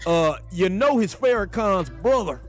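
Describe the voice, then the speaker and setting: A man's voice: high voice, big pitch swings, unhurried, music in the background. A man playing a drawling, preachy bigoted old-timer. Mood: preachy agreement. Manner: drawling, keeps saying "I tell you what". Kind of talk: mocking livestream caricature.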